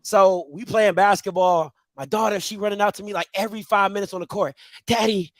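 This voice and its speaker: A man co-hosting a podcast, telling rambling, animated comic stories. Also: sits high, a little fast, dry recording. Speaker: podcast co-host. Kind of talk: comedic storytelling.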